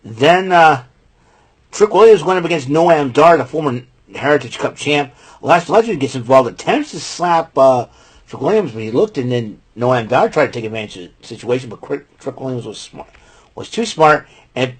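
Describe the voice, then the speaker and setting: A man talks through last night's wrestling card in an unscripted, meandering way, often stopping to restart his sentences. His voice sits at an ordinary pitch with a husky, breathy edge. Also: lively intonation, normal speed. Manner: rambling, many fillers and restarts. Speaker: podcast host recapping wrestling. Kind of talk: casual spoken recap.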